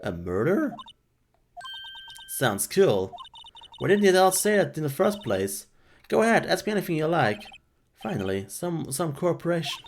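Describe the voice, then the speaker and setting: A man voicing a brash young country woman photographer in a put-on Southern drawl, loud and folksy, reading game dialogue. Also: a little high, very animated, normal speed, creaky, pauses often, slight background noise, voice pushed up. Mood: friendly. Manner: loud, twangy, folksy and bossy.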